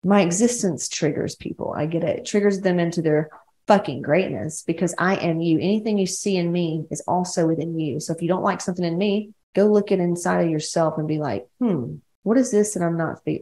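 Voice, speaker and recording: A woman's voice: lowish voice, darkish tone, reverberant. A woman from West Georgia with a Southern accent hosting her own podcast, talking bluntly and rambling, with plenty of swearing. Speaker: podcast host, women's coach. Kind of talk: casual solo podcast monologue.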